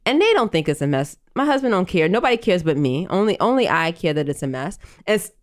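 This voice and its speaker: A woman in her thirties talks through a personal story as a podcast host. Her voice sits a little low, and her delivery is chatty and reflective, full of casual fillers. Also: big pitch swings, fast. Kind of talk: candid conversational storytelling.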